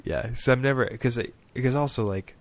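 A man in his thirties, a podcast co-host, telling an animated story in casual chat. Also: mid-range voice, fairly quick, heavy background noise. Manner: storytelling, animated, laughs often.

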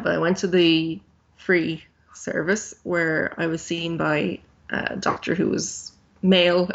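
A woman's voice: on the low side, creaky, dull audio. A woman in her thirties, a podcast guest telling her own story in a candid, plain-spoken way with frequent ums.

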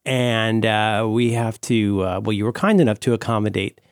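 A man's voice: lowish voice, moderate pace, no echo, studio quality. A man chatting casually on a remote podcast call, rambling and restarting, with playful bursts of silly voices. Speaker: podcast guest. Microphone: remote call mic.

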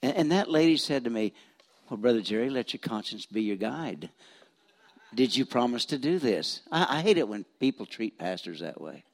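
Brief: man in his seventies from Missouri, retired pastor, lowish voice, folksy self-mocking sermon storyteller. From Missouri, USA. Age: 70s. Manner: self-deprecating humor, frequent restarts. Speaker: retired pastor, guest preacher. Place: church.

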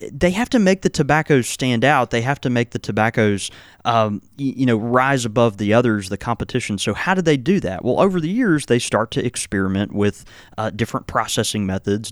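A man talks through a topic in a relaxed, explanatory way, his sentences broken up by fillers and restarts. His voice sits at an ordinary middle pitch. The sound is close and dry. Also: smooth, dry recording. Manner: halting, many fillers and restarts. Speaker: podcast host. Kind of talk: casual explanatory chat.

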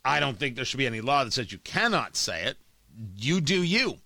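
A man's voice: mid-range voice, big pitch swings, a little fast, gravelly, pushed and bright, dry recording. A man hosting a talk show, delivering an opinionated, emphatic monologue and often repeating words as he restarts a thought. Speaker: radio talk host.

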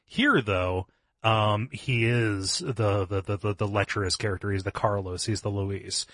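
A man's voice: on the low side, measured pace, fairly bright tone, no room sound, clean studio sound. A man co-hosting a podcast, analysing a video game's story in casual talk, often repeating words as he thinks. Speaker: podcast co-host. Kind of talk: casual video game discussion.

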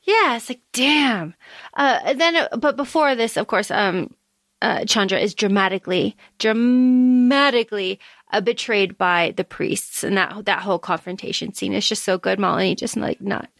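A woman co-hosting a casual book podcast, recapping scenes excitedly, swearing freely and acting out characters' lines. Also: mid-range voice, normal speed, gravelly, no echo, studio quality. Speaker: podcast co-host.

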